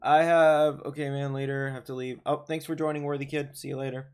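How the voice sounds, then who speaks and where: Young male streamer, mid-pitched, loose and talkative, voice tiring a bit. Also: level tone, fairly quick, clear, resonant tone. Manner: rambling, chatty, many fillers and restarts. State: voice getting worn from talking. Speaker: livestream host. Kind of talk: casual live chat reading viewer comments.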